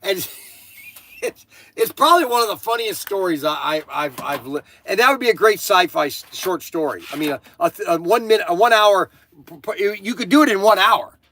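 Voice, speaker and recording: A man's voice: high-pitched, expressive, moderate pace, sharp tone. An older man hosting a casual chat, rambling and going off on tangents, sounding tired. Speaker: host.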